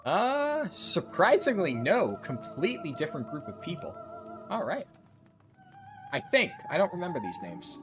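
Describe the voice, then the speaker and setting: A man from New Jersey chatting casually while streaming a video game, relaxed and talkative as he reacts to his chat. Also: high-pitched, moderate pace, music in the background. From New Jersey, USA.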